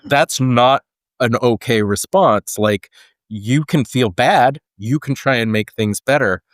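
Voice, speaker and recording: This podcast co-host is a man of medium pitch who speaks slowly and earnestly, thinking aloud and often restarting his sentences. The casual, conversational podcast has a dry, studio-quality recording.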